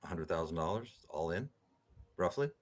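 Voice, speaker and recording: Very deep-voiced man telling stories. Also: normal speed. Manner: animated storyteller, rhetorical "right?" tags. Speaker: podcast guest. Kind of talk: storytelling interview talk.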